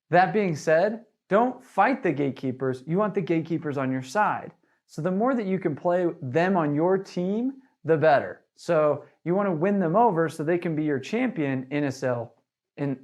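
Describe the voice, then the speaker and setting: Energetic man coaching door-to-door sales. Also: a little high. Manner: energetic, filler-heavy. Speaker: sales trainer. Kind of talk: sales training talk.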